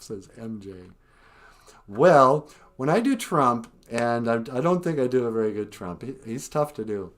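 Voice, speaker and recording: A man's voice: mid-range voice, expressive, a little slow. A man hosting a casual live stream, chatting about how he does his impressions. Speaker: host.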